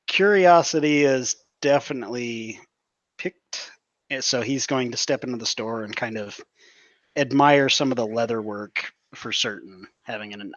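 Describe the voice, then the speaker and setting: A man's voice: medium pitch, fairly bright tone, no room sound, muffled recording. A man playing a tabletop game, easygoing as he describes what his character does. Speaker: player.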